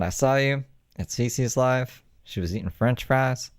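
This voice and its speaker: A man's voice: medium pitch, unhurried, clean tone, no room sound. A man streaming and reacting to other streams, laid-back and joking, swearing casually. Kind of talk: casual live-stream chat.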